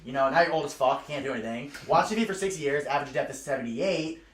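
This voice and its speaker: A man's voice: a little high, fast. A young man, telling a slangy, profane recruiting story to a small crowd at a house party. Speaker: recruiting speaker. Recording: echoey room.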